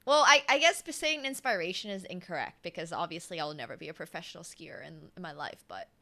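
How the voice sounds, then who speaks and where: A woman's voice: fairly low pitch, lively intonation, brisk, bright, forceful tone. A woman in her twenties commentating chess on a live stream in a casual, chatty way, humming and laughing between remarks. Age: 20s.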